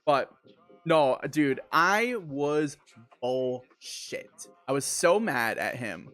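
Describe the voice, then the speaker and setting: A young man live-streaming an animated, profane storytime, with sudden incredulous outbursts. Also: mid-range voice, very slow, soft background music. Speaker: livestreamer.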